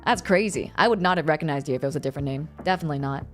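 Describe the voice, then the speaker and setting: A woman's voice: deep voice, rapid-fire, faint music behind. A young woman streaming live, casually chatting with her viewers, reading their messages aloud and laughing often. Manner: animated, laughs often, reads chat aloud.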